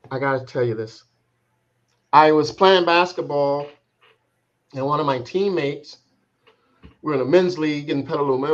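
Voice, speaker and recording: Reflective man, slightly muffled. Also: medium pitch. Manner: reflective, halting, repeats words while searching for them. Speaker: transformation coach. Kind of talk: telling a personal story in an interview. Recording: slightly dull, muffled sound.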